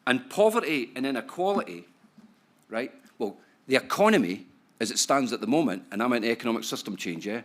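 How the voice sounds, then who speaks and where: A brisk, relaxed Scotsman speaks to a live audience at a conference hall, keeping things chatty and playful. He peppers his talk with tag questions such as "right?" and "yeah?", and his voice sits at a typical middle pitch for a man.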